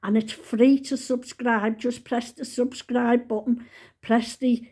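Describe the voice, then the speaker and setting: Chatty husky woman in her seventies. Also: fairly high pitch, flat delivery, takes it slowly, mellow. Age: 70s. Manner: chatty and rambling, fondly addressing followers. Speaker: vlogger. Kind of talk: casual chat to camera.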